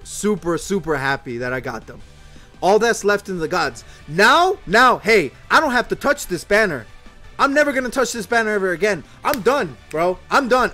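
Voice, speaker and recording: A high-voiced young man hosts a mobile game channel, giving excitable, casual commentary while doing summon pulls. He swears a lot and swings between downbeat muttering and shouting.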